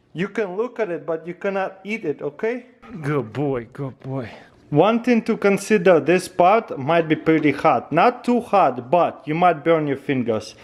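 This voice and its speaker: A man casually reviewing kitchen gadgets at home, talking to his dogs and getting loud and excited as he demonstrates. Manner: excitable, gets very loud and high when thrilled. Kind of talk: casual product review vlog.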